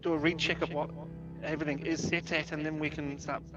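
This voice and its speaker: Quick man with a loose put-on brogue. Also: a little high, flat delivery, muffled recording, music in the background. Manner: puts on a loose, half-hearted Irish-style accent. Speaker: player.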